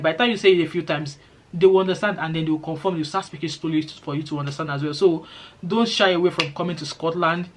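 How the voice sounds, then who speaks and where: A middle-aged woman with a Nigerian accent talks straight to her vlog audience. She is chatty and reassuring, and drops into pidgin phrases now and then. Her delivery is relaxed and conversational. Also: fairly low pitch, quick pace. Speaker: vlogger. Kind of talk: casual vlog chat.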